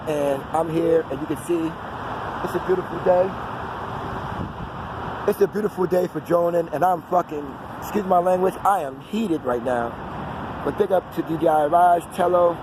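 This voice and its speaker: A man's voice: a little high, fairly even intonation, moderate pace. A man, rambling on in an unscripted outdoor vlog and drifting off into fillers. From New York City. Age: 40s. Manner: digressive, talkative, trails off into fillers. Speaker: vlogger. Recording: outdoor street noise and traffic.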